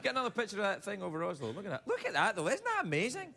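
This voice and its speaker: A male late-night host rattles through a playful, self-mocking monologue. His voice is high and swings widely in pitch. A studio audience laughs loudly behind him, with steady background noise. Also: very fast, gravelly, few pauses, a crowd in the background. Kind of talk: comedy monologue.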